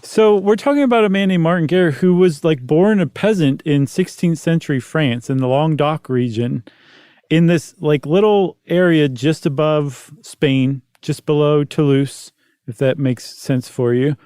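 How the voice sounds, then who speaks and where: Middle-aged guy cohosting a podcast, kinda high-pitched, cracks self-deprecating jokes, dead dry room. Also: normal speed, dark tone, smooth, no echo. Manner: joking, self-mocking banter. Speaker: podcast co-host. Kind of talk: casual chat.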